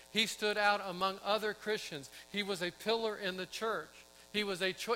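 Middle-aged male pastor, high and bright, chatty sermon delivery with questions to the room; faint hum. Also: poor audio. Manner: conversational storytelling, asks the congregation questions.

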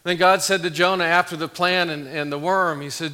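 A man's voice: a little high, steady tone, fairly quick, bright, forceful tone, clear, resonant tone. A middle-aged man, a pastor, preaching a conversational sermon, telling a story with chuckles before reading scripture.

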